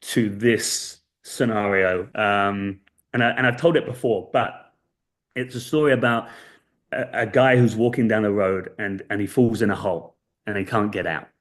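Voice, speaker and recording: A man guest on a podcast interview, earnestly telling a story and tagging points with quick checks for agreement. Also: on the low side, fairly even intonation. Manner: earnest storytelling, many fillers and "right?" tags. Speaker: guest expert. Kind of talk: casual interview chat.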